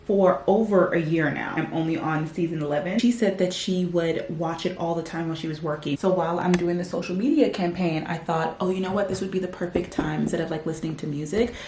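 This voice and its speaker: A woman in her twenties vlogging in a casual, chatty way, often breaking into animated rants. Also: on the low side, quick pace, hardly any pauses. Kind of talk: casual vlog chat. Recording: echoey room, faint background noise.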